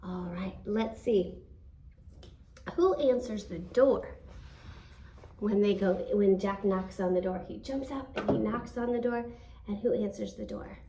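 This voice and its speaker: Slow, animated woman telling a children's story. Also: mid-range voice, slight background noise. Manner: animated, asks questions to young listeners. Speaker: teacher. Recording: roomy, distant from the mic.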